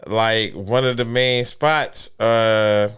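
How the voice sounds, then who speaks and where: A laid-back man co-hosting a casual podcast chat. He asks curious questions in a lowish voice that sounds smooth and resonant. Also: steady tone, very slow, a bit bright. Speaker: podcast co-host.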